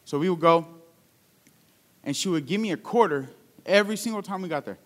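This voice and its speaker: Young male preacher, sermon delivery, conversational storyteller, voice on the high side. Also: expressive, fairly quick, fairly bright tone. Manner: conversational storytelling with call-outs.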